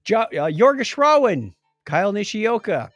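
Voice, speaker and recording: Male podcast host, animated and playful, slightly high voice, dry studio. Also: no room sound, soft background music. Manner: jokey, animated, rattles off lists quickly. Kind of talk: casual chat.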